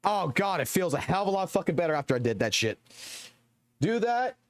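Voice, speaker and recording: A man's voice: high-pitched, big pitch swings, brisk, dry recording. Heated Southern streamer, young man, profane and emphatic, dry close sound. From American South. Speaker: game streamer. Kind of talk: profane live-stream rant.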